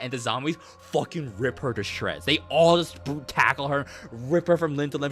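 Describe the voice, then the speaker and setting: A man's voice: mid-range voice, lively intonation, brisk, hardly any pauses, a bit bright, soft background music. A male streamer casually recapping a game, rambling and swearing, with lots of fillers and restarts. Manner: rambling, profane storytelling with many fillers.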